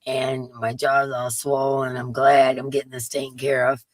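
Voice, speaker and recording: A hoarse woman hosting a casual live stream, chatting and reading out viewers' names as they arrive. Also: extremely low pitch, little pitch movement, moderate pace, no echo. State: hoarse, voice coming and going. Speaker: livestream host.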